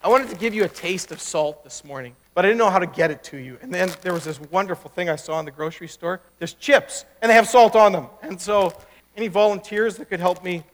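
High-voiced pastor preaching in a reverberant hall. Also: male voice, brisk. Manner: animated and conversational, rising sharply for emphasis. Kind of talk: sermon. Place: church sanctuary. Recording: long reverb of a large church hall.

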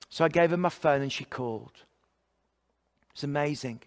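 Male pastor, earnest sermon delivery, repeats phrases in lists; voice sits high, long reverb tail. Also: moderate pace, long pauses. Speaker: pastor and evangelist.

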